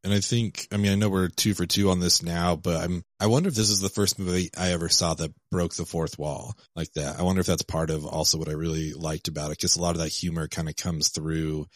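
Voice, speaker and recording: A deep-voiced man chatting on a casual movie podcast, enthusiastic and loose, thinking out loud as he goes. The sound is close and dry. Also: steady tone, a little fast, hardly any pauses, no room sound. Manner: enthusiastic, chatty, musing aloud. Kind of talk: casual podcast film discussion.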